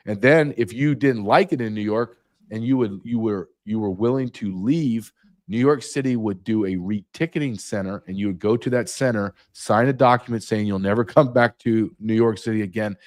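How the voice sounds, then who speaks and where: Low-pitched guy on a call, punchy and emphatic, keeps repeating the big numbers. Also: moderate pace, darkish tone. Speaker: guest. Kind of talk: emphatic interview talk.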